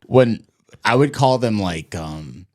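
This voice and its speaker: A man with a low voice chatting as a podcast guest. His pitch bounces around a lot, and he keeps cracking up and swearing through crude, casual banter. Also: slow. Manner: laughs often, swears a lot, animated.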